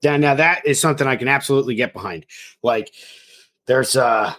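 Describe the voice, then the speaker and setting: A man co-hosting a casual comedy podcast, easygoing and quick to agree and chime in. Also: mid-range voice, a bit bright. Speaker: podcast co-host.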